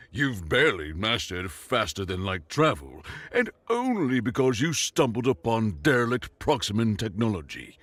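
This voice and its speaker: A man's voice: on the low side, fairly bright tone, no echo, heavily acted. A man voicing a haughty male alien counselor who speaks with cutting contempt. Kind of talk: scripted audio story.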